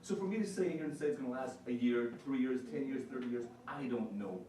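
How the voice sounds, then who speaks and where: A man's voice: medium pitch, fast talker, mellow, a little hiss or hum. Man, earnest motivational speech, echoey hall, distant mic. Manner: storytelling, earnest, repeats himself for emphasis. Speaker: small business consultant speaking at a forum. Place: meeting hall. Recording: echoey hall, mic far off, faint ambience.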